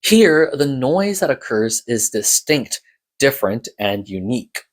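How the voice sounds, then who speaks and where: A man of ordinary pitch reading prepared commentary on a horror audio drama. He sounds measured and explanatory, laying out his points steadily like a reviewer working through his notes. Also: big pitch swings. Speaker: podcast episode reviewer. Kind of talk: scripted analytical commentary.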